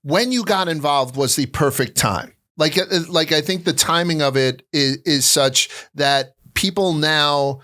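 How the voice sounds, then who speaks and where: A man hosting a casual interview. He talks bluntly, swears often and breaks into loud impressions of other people. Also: fairly high pitch, unhurried, few pauses. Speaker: podcast host.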